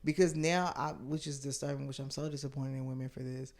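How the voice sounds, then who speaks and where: A woman comedian as a podcast guest, telling stories in casual chat, acting out quotes and swinging from hushed to loud, with lots of fillers. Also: a bass voice, a little fast. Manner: animated storyteller who acts out quotes with big swings from hushed to loud; filler-heavy speech with many likes and restarts.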